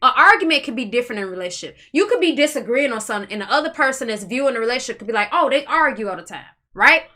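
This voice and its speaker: A woman co-hosting a podcast in casual chat, loud and animated. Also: a little high. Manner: loud, animated, talks fast in bursts. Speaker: podcast co-host.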